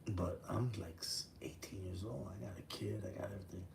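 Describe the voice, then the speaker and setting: A man's voice: sits low, fairly even intonation, fairly quick, creaky, noisy background. A man in his fifties from the Chicago area, telling his own prison story in a blunt, profane, street-talk way. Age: 50s. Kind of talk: casual storytelling.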